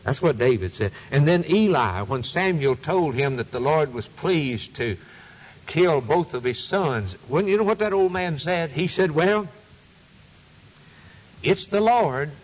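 A man delivers a sermon in a husky, slightly rough voice. His pitch rises and falls widely as he quotes scripture in old-fashioned phrasing. The delivery is rhythmic and preacherly. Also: animated, measured pace, long reverb tail, low-quality recording.

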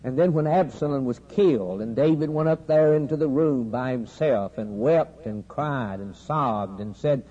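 A man preaching a sermon, with a steady preaching cadence that builds to loud, emphatic climaxes with dramatic pauses. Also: mid-range voice. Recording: dull lo-fi sermon recording with faint hiss.

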